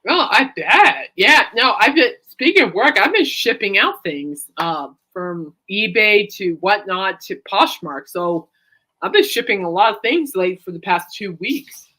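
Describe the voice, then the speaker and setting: A woman's voice: mid-range voice, animated, measured pace, bright, forceful tone. A woman hosting a casual chat show, rambling and giggling as she tells everyday stories. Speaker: podcast host.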